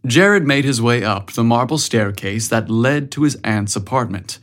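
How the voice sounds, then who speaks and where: A man narrating an audiobook story in a measured, even way. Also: medium pitch.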